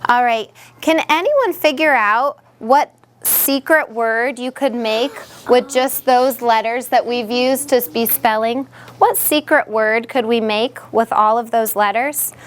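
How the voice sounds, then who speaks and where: A woman's voice: a little high, a little hiss or hum. Patient woman teaching in a classroom. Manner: patient, encouraging, sounds out words slowly.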